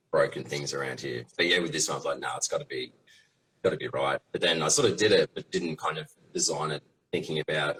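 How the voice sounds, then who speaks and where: A man's voice: extremely low pitch, fairly bright tone, low-quality recording. A man who is a guest toy maker, chatting casually in a live Q&A, rambling and hesitant with plenty of fillers.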